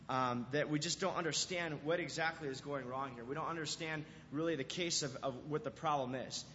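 A young man with a slightly high voice gives a casual sermon to a youth group as their pastor, telling animated stories, acting out scenes, and leaning on "like" and "right?" a lot. The recording is dull and lo-fi, made in a reverberant hall with slight background noise.

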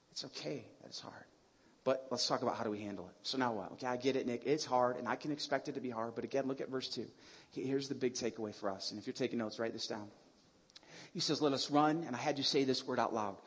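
A man's voice: high-pitched, a bit bright, slightly rough. A man in his thirties or forties preaching a sermon in a conversational, playful way, calling on the audience to answer back. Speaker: pastor.

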